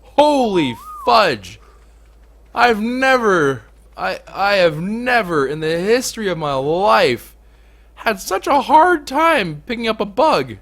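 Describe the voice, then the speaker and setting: A young man giving casual let's play commentary as a gaming YouTuber, swinging from low mutters to loud excited outbursts. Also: slow.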